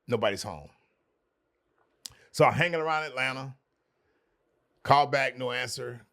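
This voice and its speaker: A man's voice: medium pitch, measured pace, bright, forceful tone. A man, a podcast guest, telling an earnest personal story with emphatic repetition.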